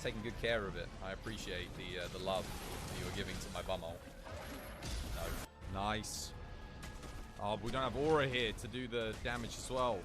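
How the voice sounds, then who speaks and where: A man's voice: fairly low pitch, steady tone, a little fast, pauses often, over loud music. A man giving jokey live commentary while streaming a game, laughing often.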